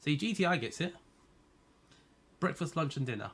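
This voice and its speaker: A man's voice: a little high, very animated, moderate pace, fairly bright tone, slightly rough. A man live-streaming a racing game, chatting casually and teasing viewers as he answers their messages. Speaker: gaming streamer.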